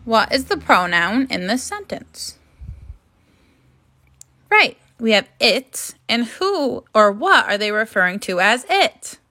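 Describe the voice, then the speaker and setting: A woman teaching a phonics and grammar lesson to young children, speaking slowly and carefully in an encouraging classroom manner. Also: fairly high pitch, big pitch swings, pushed and bright.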